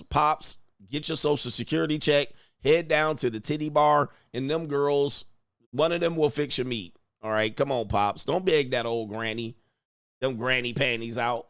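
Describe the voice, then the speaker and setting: A man's voice: mid-range voice, normal speed, fairly bright tone, clean tone, no room sound, studio quality. A man hosting a casual reaction commentary, mocking and profane as he talks over clips. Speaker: host.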